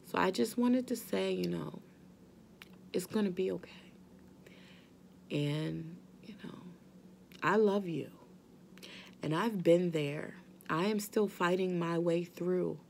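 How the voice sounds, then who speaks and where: A mother vlogging straight to her viewers, earnest and gentle, reassuring them that they are not alone. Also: fairly low pitch, gravelly, slight background noise. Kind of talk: heartfelt direct-to-camera talk.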